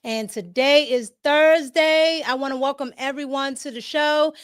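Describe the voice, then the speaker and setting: Speaking unhurriedly in a high, steady voice, this podcast host has a Washington D.C. accent. She keeps her livestream chat casual, greets viewers by name, and laughs a lot.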